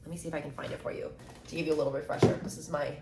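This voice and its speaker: A woman's voice: sits low, level tone, very noisy. Chatty woman in an echoey room. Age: 20s. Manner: chatty and upbeat, acts out quick quoted exchanges, says "like" and "right?" often. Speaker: mindset content creator. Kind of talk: casual motivational talk to camera. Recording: echoey room with faint ambience.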